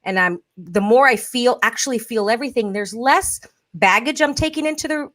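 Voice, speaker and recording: Animated woman podcast host. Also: on the high side, moderate pace. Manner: animated, acts out quoted voices. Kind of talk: casual podcast conversation.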